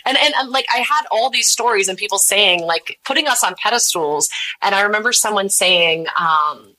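A woman's voice: medium pitch, expressive, normal speed, sharp tone, low-quality recording. A woman in her thirties, a podcast host as a guest, telling stories candidly and chattily and acting out the voices she quotes. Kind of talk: candid conversational storytelling.

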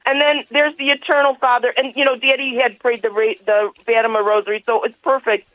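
A woman's voice: a little high, flat delivery, brisk, no echo. Effusive older woman on a muffled phone line. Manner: effusive, rambling, laughing. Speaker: caller. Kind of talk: phone-in call.

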